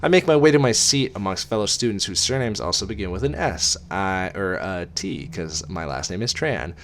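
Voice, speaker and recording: A man's voice: low voice, expressive, normal speed, a little hiss or hum. A man reading a novel aloud in a casual amateur way, with wry asides and casual swearing.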